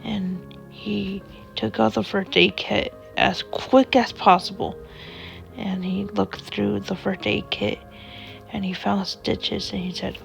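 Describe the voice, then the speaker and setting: A woman narrating a story in an unhurried, plain storytelling way. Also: medium pitch, flat delivery, creaky, faint music behind.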